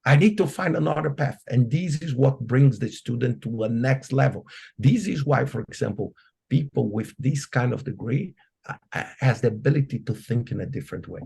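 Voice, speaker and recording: A Brazilian man with a Brazilian accent, Portuguese his first language, speaking on a conference panel with animated, stumbling restarts. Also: medium pitch, moderate pace, vocal fry, slightly rough.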